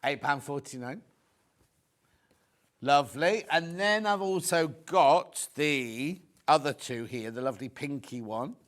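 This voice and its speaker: A man's voice: a little high, lively intonation, slow pace, fairly bright tone. A middle-aged man hosting a live shopping show, chatting and joking as he rambles into anecdotes between prices. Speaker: shopping channel presenter.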